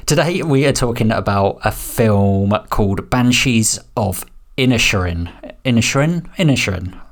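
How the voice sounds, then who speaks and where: A man's voice: lowish voice, a little slow. Rambling male podcast co-host. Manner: chatty, rambling with fillers. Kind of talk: casual chat.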